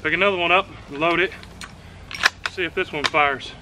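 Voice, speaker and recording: A man's voice: on the high side, moderate pace, noisy background. A man hosting a casual outdoor shooting vlog, talking through his shots at a range. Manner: relaxed running commentary between shots. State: out of breath at times. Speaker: host of a shooting channel.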